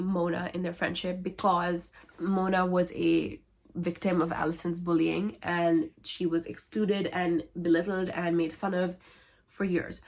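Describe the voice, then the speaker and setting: A woman with a low voice retells novels in a casual vlog. Her delivery is wry and sarcastic, full of offhand asides. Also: a little mellow. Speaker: book vlogger. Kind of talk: casual book-summary vlog.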